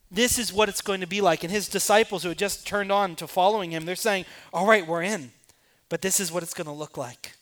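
A man preaching a sermon as pastor, rising to emphatic peaks and dropping to quiet asides. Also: high voice.

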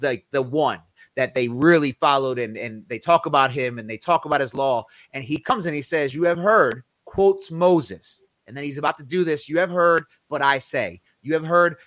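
Male podcast host, slightly higher voice, dead-dry close mic, loose conversational Bible teacher. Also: fairly bright tone, dry recording. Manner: conversational, self-correcting, emphatic on scripture quotes. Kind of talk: casual Bible study teaching.

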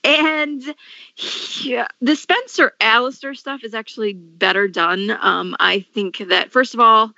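A woman co-hosting a podcast in casual chat, talking haltingly with many fillers and restarts. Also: on the high side, vocal fry, sharp tone, no echo, lo-fi sound. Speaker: podcast co-host.

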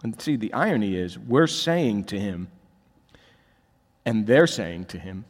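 Animated preacher man, lively pitch. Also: a little slow. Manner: animated preaching, swinging from quiet asides to loud emphatic peaks. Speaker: pastor. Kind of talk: sermon. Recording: long reverb of a large hall.

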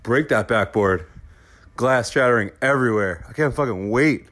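A man's voice: medium pitch, normal speed, a bit bright. A man in a casual voice memo, laid-back and profane, getting hyped about playing basketball.

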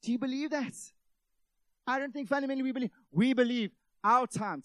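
High-voiced, animated male preacher. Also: fairly quick, no room sound. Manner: animated, with many rhetorical questions and acted-out quotes; addresses the audience as friends. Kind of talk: sermon.

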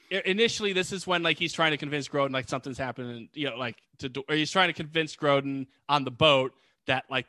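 A man's voice: on the high side, pushed and bright, no echo. A man co-hosting a casual movie talk, rambling with many fillers and acting out lines he quotes. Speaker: podcast co-host.

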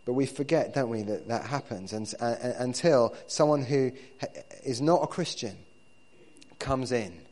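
A man preaching to his church in a relaxed, conversational way, often repeating words as he builds his points. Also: mid-range voice, normal speed. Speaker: pastor. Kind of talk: sermon.

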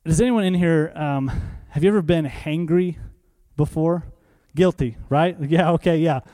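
Conversational preacher with a mellow voice. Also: male voice, fairly high pitch, a little slow. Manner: conversational, asks the room questions and answers them; repeats key phrases for emphasis. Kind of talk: sermon.

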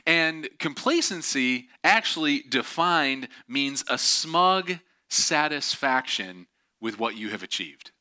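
A man telling a story in a lively way, acting out the voices of the people in it. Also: medium pitch, slow pace. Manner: animated, acts out quoted voices. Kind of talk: storytelling talk.

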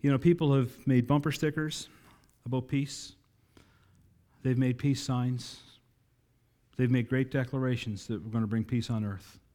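A pastor with a warm, mid-range voice and fairly even intonation preaches a sermon a little slowly. He builds to emphatic, rousing climaxes and makes asides directly to his congregation.

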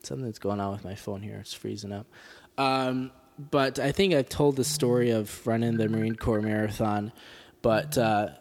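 A man hosting a comedic podcast, reading a letter aloud in a deadpan, mock-serious way with sarcastic asides. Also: on the low side, normal speed, long reverb tail. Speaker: podcast host.

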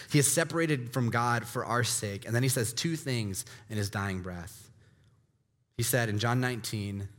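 A male pastor delivers a sermon in a voice of ordinary middle pitch. He swings from loud, pressing emphasis to hushed, slowed lines. His voice carries a long reverb from a large hall.

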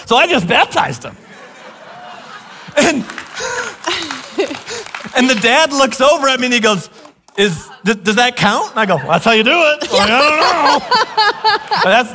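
A middle-aged man, a pastor, telling a family story in sermon style, animated and laughing as he acts out the voices in it. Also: high-pitched, a little hiss or hum.

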